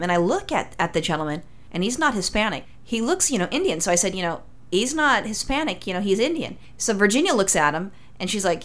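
A woman's voice: mid-range voice, expressive, fast talker, hardly any pauses. A woman co-hosting a podcast in casual chat, chatty and blunt, swearing freely. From Italian heritage. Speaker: podcast co-host.

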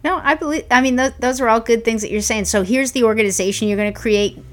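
A woman's voice: fairly high pitch, fast talker. A woman co-hosting a casual podcast who banters in a teasing, sarcastic way. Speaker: podcast co-host.

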